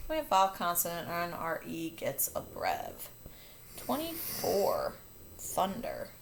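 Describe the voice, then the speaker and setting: A woman's voice: fairly low pitch, huge pitch swings, slow pace, gravelly, slight background noise. A woman teacher walking children through a phonics lesson, upbeat and patient, catching and fixing her own slips. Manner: upbeat, patient, self-correcting.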